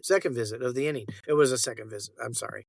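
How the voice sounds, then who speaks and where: A man's voice: medium pitch, very fast, gravelly, no room sound. A man co-hosting a casual sports podcast, telling long rambling stories and acting out the lines of the people in them. His voice sits in a middle register. It is recorded close and dry, with no room sound. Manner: rambling storyteller, acts out quoted dialogue. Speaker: podcast co-host. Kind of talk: casual chat.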